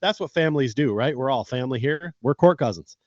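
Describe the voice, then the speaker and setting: A man's voice: medium pitch, expressive, quick pace, dry recording. A man co-hosting a casual sports podcast, blunt and opinionated, swearing freely as he vents about his team. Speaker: podcast co-host. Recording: dull dry lo-fi sound.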